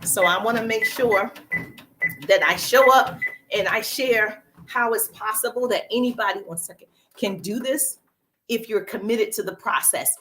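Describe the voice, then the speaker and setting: A woman's voice: mid-range voice, normal speed, fairly bright tone, slight background noise. A woman with a Southern US accent hosts a casual livestream as a social media business coach, upbeat and greeting viewers by name, with a cough drop in her mouth.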